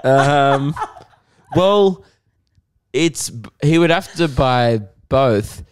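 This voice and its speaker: Joking man, smooth clear voice. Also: mid-range voice, animated, very slow. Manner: joking, mock teacher rants. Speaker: podcast co-host. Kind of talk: casual chat.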